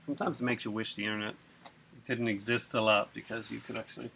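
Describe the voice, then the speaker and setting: A man hosting a casual unboxing vlog who talks in an excitable, rambling way with many fillers. He sounds chilled from being out in the cold and rain. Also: fairly low pitch, quick pace, vocal fry, noisy background. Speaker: video host.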